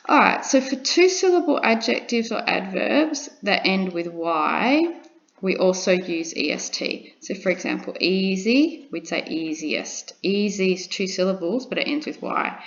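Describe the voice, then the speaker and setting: A woman's voice: medium pitch, animated, measured pace, gravelly. A woman teaching an English grammar lesson, patiently repeating examples and checking in with her students. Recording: dull lo-fi recording.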